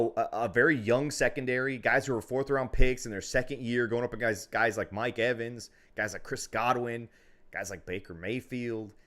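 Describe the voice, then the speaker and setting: A man co-hosting a fan podcast, giving predictions in casual chat, excitable and profane, laughing often. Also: mid-range voice. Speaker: podcast co-host.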